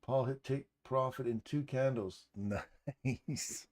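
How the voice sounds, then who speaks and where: On a live trading stream, the male host jokes and chats casually while talking himself through his audio settings. His medium-pitched voice is steady, slow and somewhat dark, recorded on a studio condenser mic.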